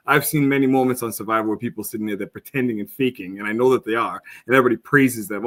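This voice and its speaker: A man's voice: mid-range voice, quick pace, few pauses. A man co-hosting a podcast, ranting with passion, blunt and profane. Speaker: podcast co-host. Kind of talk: casual podcast discussion.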